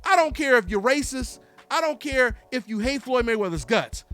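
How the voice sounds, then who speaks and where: High-voiced, bright-toned man hosting a talk show. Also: normal speed, faint music behind. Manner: animated, taunting, repeats himself. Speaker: boxing talk show host. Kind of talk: solo live call-in boxing talk.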